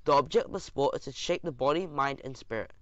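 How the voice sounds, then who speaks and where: A man voicing a brash, bossy male mouse karate champion in an audiobook, speaking in a brisk, commanding way. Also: mid-range voice, dry recording, lightly acted. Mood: formal.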